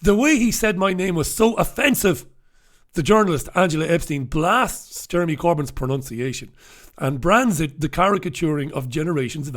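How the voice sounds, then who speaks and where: A man hosting a newspaper review in a casual, sarcastic, blunt and profane commentary style, with mocking asides. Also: on the high side.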